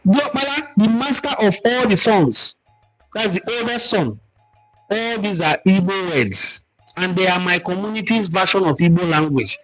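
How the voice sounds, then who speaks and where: A man with a Nigerian accent hosts a livestream talk, his voice sitting notably high for a man. He teaches in an animated, emphatic way and reads out viewer comments. Faint music plays underneath. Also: moderate pace, low-quality recording. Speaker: cultural talk host.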